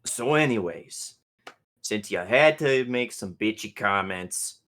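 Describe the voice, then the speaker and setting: A man voicing a loud, brash male mechanic with a wrench for a hand, talking over everyone in a tabletop game. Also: animated, slow pace. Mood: boastful. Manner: booming, pushy, talks loud on purpose.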